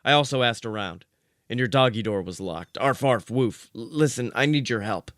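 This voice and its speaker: A man's voice: medium pitch, expressive, moderate pace, a bit bright, dry recording, clean studio sound, natural voice. A man voicing a small, hotheaded, foul-mouthed male corgi who barks between words. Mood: brash.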